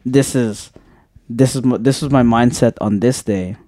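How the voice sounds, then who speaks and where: A man's voice: mid-range voice, unhurried, mellow, dry recording. A young man, co-hosting a podcast in an earnest, encouraging way, full of "like". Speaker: podcast co-host. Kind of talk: casual chat.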